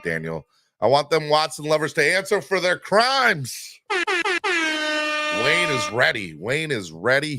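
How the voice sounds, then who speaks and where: A man hosting a live sports fan podcast, talking in an animated, rambling way with many fillers. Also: low-pitched, dry recording, studio quality. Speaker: podcast host.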